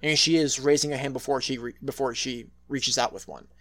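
A man hosting a casual comics podcast, eagerly retelling scenes and chatting with a guest. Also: mid-range voice. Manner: excitable, retells scenes with quick quoted voices. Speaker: podcast host. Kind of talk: casual chat about comics.

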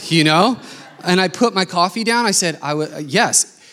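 A man preaching a sermon, telling a lively story and acting out the people in it. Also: a little high, moderate pace. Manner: animated storytelling, acting out quoted voices. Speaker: pastor.

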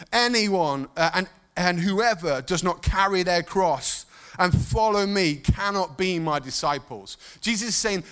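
Male preacher, emotional and animated, bright tone, slightly high pitch. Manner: emotional, animated storytelling with sudden soft drops. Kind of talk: sermon.

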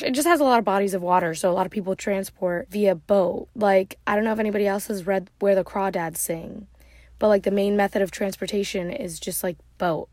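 A woman's voice: medium pitch, a little mellow, dry recording. Giggly rambling woman recapping a movie. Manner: rambling, giggly, heavy use of "like". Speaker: vlogger.

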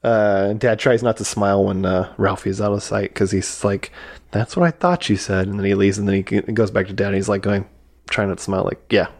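Male podcast co-host, lowish voice, relaxed chatty recaps with quick voiced quotes. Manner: retells scenes with quick acted quotes. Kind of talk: casual movie review chat.

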